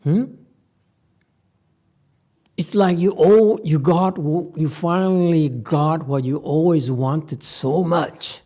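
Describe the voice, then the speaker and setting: Slightly high and mellow, a man's voice carries a casual sutra lecture through a temple hall full of listeners. The Buddhist master speaks conversationally, breaking off with "okay?" and "hmm?", beginning his sentences again, and cracking dry, playful jokes.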